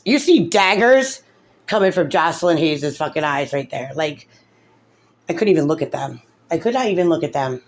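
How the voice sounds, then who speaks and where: A woman, a mother, talking through her grievances in an upset, rambling way, tearful and full of fillers. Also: low voice. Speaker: mother in a custody case. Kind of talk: emotional vlog commentary.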